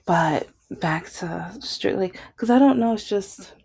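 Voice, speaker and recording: A woman's voice: medium pitch, lively intonation, slow pace, creaky, darkish tone, slightly rough. A woman vlogger giving blunt, indignant, unscripted commentary.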